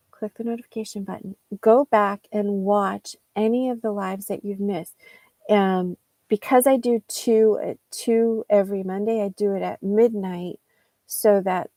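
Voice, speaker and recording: A woman's voice: mid-range voice, mellow, dry recording. A woman with a New England American accent giving a chatty live-stream English lesson, rambling with many fillers and restarts. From United States. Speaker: English teacher.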